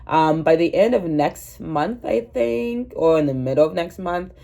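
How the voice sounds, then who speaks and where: Down with a cold, a woman in her twenties chats to her viewers from home in a casual, rambling, self-mocking vlog, captured only by the camera's own mic rather than a dedicated microphone. Her fairly low voice is animated yet a little slow, creaky and dark in tone.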